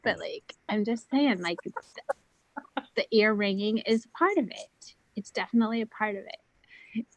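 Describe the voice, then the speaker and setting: A woman chatting as a guest on a video call, rambling with lots of "like" and "um" and at times dropping her voice to a hush. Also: a little high, normal speed, no echo, low-quality recording. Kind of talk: casual video call chat.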